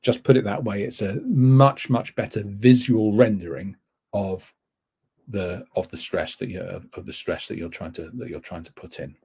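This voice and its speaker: A man's voice: fairly low pitch, fairly even intonation, normal speed, vocal fry, darkish tone, slightly rough. A man giving a teaching webinar, rambling and correcting himself often as he explains. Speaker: TEFL course tutor. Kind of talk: webinar lecture.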